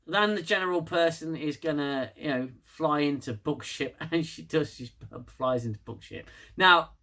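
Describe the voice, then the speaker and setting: A man's voice: a little high, normal speed, pushed and bright. Sarcastic British man recapping. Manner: sarcastic, laughing asides. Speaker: TV episode reviewer. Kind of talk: casual review recap.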